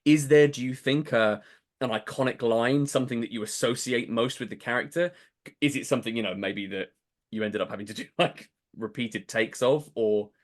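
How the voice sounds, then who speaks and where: A man's voice: medium pitch, normal speed. Chatty male podcast host. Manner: thoughtful, rambling questions with fillers and restarts, laughs along. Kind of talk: casual interview chat.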